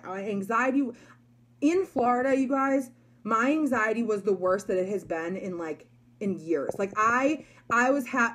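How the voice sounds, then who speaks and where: A woman's voice: medium pitch, slight background noise. A young woman giving a chatty, emphatic motivational talk to her followers. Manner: chatty, emphatic, many likes and you guys. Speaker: network marketer.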